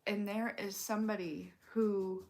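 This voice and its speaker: A woman giving a casual intuitive reading, talking in a slow, rambling way with many fillers. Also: medium pitch, level tone, a little mellow. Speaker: intuitive reader. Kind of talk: casual spoken tarot-style reading.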